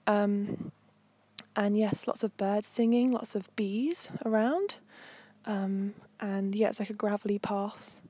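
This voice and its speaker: A young woman talks her listeners through an outdoor coastal walk, her voice soft and breathy. She rambles in a friendly, meandering way, filling pauses with ums, at an ordinary mid pitch. It sounds like a portable mic carried along as she strolls. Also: fairly even intonation, no room sound. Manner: chatty, meandering, with frequent ums. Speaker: host. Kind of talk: casual narration while walking.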